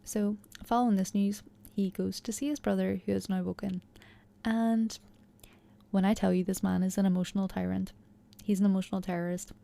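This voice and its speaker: Fairly quick and flat in delivery, a young woman with a medium-pitched, dark voice and vocal fry recaps and analyzes a TV episode in a chatty, enthusiastic way. Her casual commentary leans heavily on fillers such as "you know" and "like."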